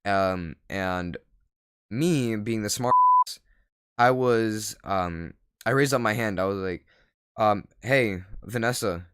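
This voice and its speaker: A man's voice: fairly low pitch, slow pace, fairly bright tone, clear, resonant tone, no echo, studio quality. A teenage boy vlogging, telling a rambling story full of fillers and laughing at himself. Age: teens. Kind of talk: casual storytelling.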